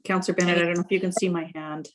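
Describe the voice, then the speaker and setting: A woman's voice: lowish voice, flat delivery, very fast, rough recording. A woman town councillor arguing her point firmly in a council meeting over a video call. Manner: firm, argumentative.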